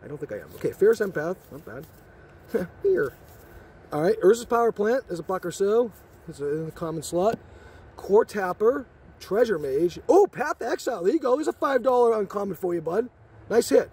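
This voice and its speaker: An excited man hosting a card-opening video, exclaiming and joking in slangy chat, so thrilled he says he is shaking. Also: sits high, fairly quick, slightly rough. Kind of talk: excited box-opening vlog.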